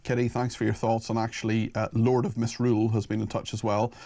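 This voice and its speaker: A man's voice: lowish voice, flat delivery, brisk, mellow. A man with a Northern Irish accent hosting a phone-in radio show, reading listener messages aloud in an earnest, apologetic way. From Northern Ireland. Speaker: radio talk show host.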